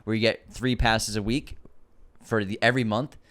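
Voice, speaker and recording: A man's voice: fairly low pitch, flat delivery, normal speed, fairly bright tone. Role: podcast co-host. Sex: man. Style: casual movie news chat. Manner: enthusiastic, rambling, restarts his sentences.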